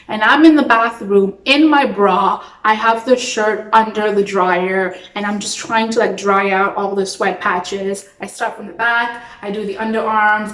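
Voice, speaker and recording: A young woman, an actress, telling a personal story in a lively, self-mocking vlog style. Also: medium pitch. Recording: roomy sound, a bit far from the mic.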